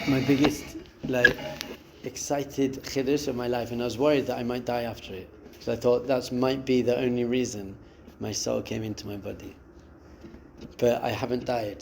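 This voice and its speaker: A man's voice: medium pitch, creaky, a little hiss or hum. A man, a rabbi giving a spiritual lesson and acting out the voices in a listener's head. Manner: expressive, acts out inner voices and quotes. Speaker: rabbi teaching a class.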